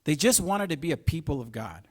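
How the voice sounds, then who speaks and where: A man's voice: a little high, very animated, fairly quick, slightly rough. Emphatic middle-aged man preaching a sermon. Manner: emphatic, rhetorical questions, swings between soft asides and loud stresses.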